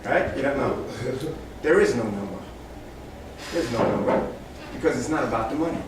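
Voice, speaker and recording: A man's voice: mid-range voice, lively intonation, normal speed, noisy background. A man giving a motivational talk to a small live group, telling animal stories and acting out the animals' voices with big shifts in energy. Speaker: motivational speaker. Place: room with a small audience. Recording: echoey room, speaker far from mic.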